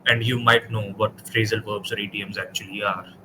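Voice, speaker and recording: A man's voice: lowish voice, level tone, normal speed, bright, forceful tone, a little hiss or hum, rough recording. A man with an Indian accent, tutoring a student in spoken English and correcting him directly. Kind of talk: spoken English practice session with feedback.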